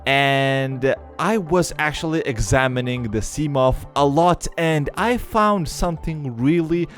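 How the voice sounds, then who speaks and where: A man's voice: fairly high pitch, a little slow, fairly bright tone, faint music behind. A young man with a non-native English accent, giving game commentary and explaining step by step with many fillers. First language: not English. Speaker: gaming YouTuber.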